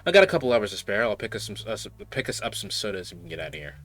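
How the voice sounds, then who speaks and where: A man's voice: lowish voice, sing-song, rapid-fire, a bit bright, faint music behind. A man reading the lines of a guarded young woman who runs the town mines, in a dry, matter-of-fact way. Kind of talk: reading game dialogue aloud.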